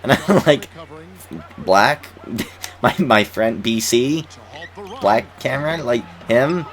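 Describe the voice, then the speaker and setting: A man's voice: mid-range voice, lively intonation, slow. A man in his twenties rambling casually in commentary over a basketball video game, repeating words and chuckling. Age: 20s. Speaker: gaming YouTuber.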